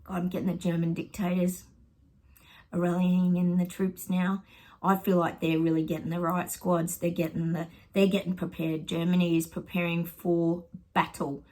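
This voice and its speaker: A woman's voice: lowish voice, flat delivery, moderate pace, mellow, low-quality recording. A middle-aged Australian woman chatting casually to her viewers at home, rambling with lots of ums and friendly asides. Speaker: psychic vlogger.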